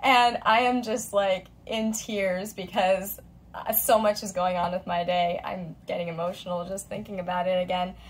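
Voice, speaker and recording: A woman in her thirties talks casually to camera in a chatty, expressive way. She tells her story with feeling and acts out the lines of the people in it. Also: mid-range voice, moderate pace, a little hiss or hum, rough recording. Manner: chatty and expressive, voicing quoted friends. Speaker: vlogger.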